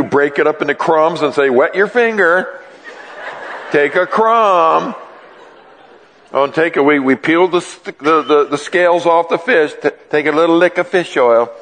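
A man's voice: steady tone, unhurried, hardly any pauses, lightly acted. A man voicing exasperated, disbelieving male disciples, incredulous and mocking, in a large echoing hall. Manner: incredulous, mocking, high-pitched whining. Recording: long reverb in a large hall.

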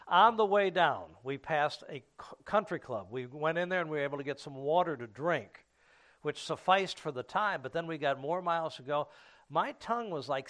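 Male preacher, slightly higher-pitched, leading an unhurried Bible study sermon full of "uh"s and restarts. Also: a bit bright. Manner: unhurried Bible teaching with frequent fillers and restarts.

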